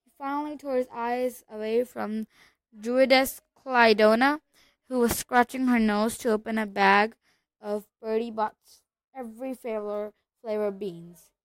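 A woman reading a novel aloud in a steady way, occasionally stumbling and correcting herself. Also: a little high, unhurried, no room sound, poor audio. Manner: steady reading with small slips and self-corrections. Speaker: storybook reader.

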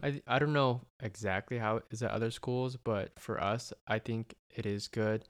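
A man's voice: on the low side, fairly even intonation, moderate pace. A young man in his twenties, a medical student, talking through his experiences in an earnest, reflective casual conversation. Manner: earnest, reflective, thinks out loud with restarts.

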